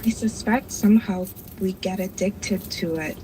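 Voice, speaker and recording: A woman's voice: mid-range voice, measured pace, warm tone. Young woman caller, twenties, reflective, hesitant, noisy call-in line. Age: 20s. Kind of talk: call-in conversation.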